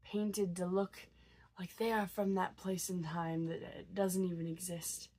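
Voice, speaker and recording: A woman's voice: on the low side, level tone, unhurried, a little mellow. A woman vlogger with a cold, sounding tired as she tells a story in a loose, casual way. She hesitates a lot and trails into fillers and restarts. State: sick, tired.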